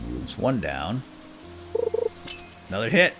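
A man giving casual, excitable commentary while playing a video game, and calling out to the characters as if they could hear him. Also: on the low side, normal speed, loud music behind the voice. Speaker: let's play gamer.

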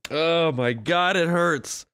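Slow-talking man cracking up, swearing. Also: a little high, background noise. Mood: laughing. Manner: helpless laughter, heavy swearing. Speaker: role-play streamer. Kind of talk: game role-play, often breaking character.

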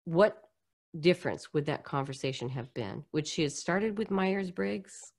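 Low-voiced storytelling woman. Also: measured pace. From United States. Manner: animated, acts out quoted voices. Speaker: guest speaker on poverty. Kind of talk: storytelling interview.

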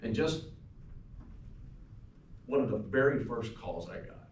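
Pastor giving a funeral eulogy in an echoey room. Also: male voice, medium pitch, expressive, slow pace, recorded from a distance, highs cut off, a little hiss or hum. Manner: storytelling, warm anecdotes, turns soft and quiet at times. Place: funeral home chapel.

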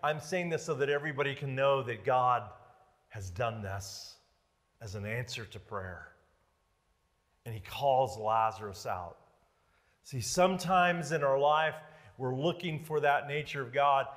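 Impassioned preacher in a reverberant hall. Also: male voice, medium pitch, a little slow. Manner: dramatic, swings from loud to hushed. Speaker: pastor. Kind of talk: sermon. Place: church sanctuary.

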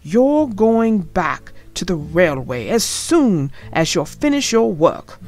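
A woman's voice: lowish voice, lively intonation, normal speed, soft background music, voice pushed down, natural voice. A woman voicing a stern, formal older railway boss in a storybook.

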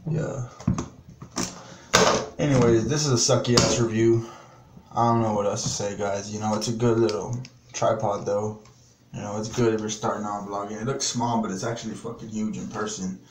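A man ranting in a casual product review vlog, profane and exasperated, rambling as he talks. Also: lowish voice. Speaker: vlogger. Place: small home bathroom. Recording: echoey bathroom with background noise.

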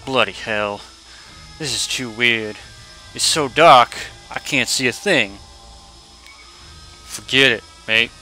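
A man's voice: mid-range voice, moderate pace, few pauses, sharp tone, faint music behind. A man voicing a brash male explorer with a put-on Aussie drawl while reading a game's story aloud, in an exaggerated, hammy way. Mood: bewildered.

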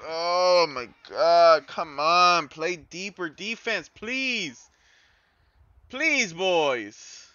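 Excitable young-sounding man yelling at a game. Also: high-pitched, extremely slow, dry recording, highs cut off. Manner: excitable, swearing, yells at his players. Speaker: gaming YouTuber. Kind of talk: live gameplay commentary.

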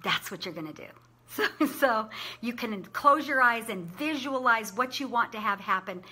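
A middle-aged woman talks to the camera in a casual, chatty way and laughs often. Her voice is a little high and very bright, with an upbeat, encouraging tone. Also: lively intonation, normal speed, slightly rough. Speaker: business owner sharing conference takeaways.

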